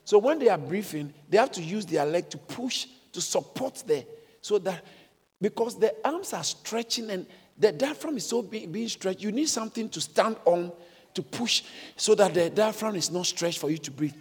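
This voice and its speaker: Animated high-pitched male preacher. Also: moderate pace, husky, in a large hall. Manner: animated preaching, bursts into shouts when quoting. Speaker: pastor. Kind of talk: sermon. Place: church.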